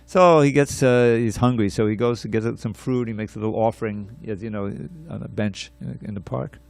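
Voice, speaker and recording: Gravelly man telling a story. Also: lowish voice, brisk, faint music behind. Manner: animated, repetitive storyteller with many restarts. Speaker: speaker giving a scripture class. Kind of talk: storytelling within a scripture class.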